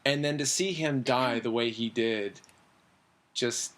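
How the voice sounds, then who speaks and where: A man hosting a casual podcast, rambling and excitable, acting out the scenes he retells. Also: slow. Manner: excitable, acts out scenes with sudden jumps in pitch; rambling, many fillers. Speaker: podcast host. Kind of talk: casual TV recap chat.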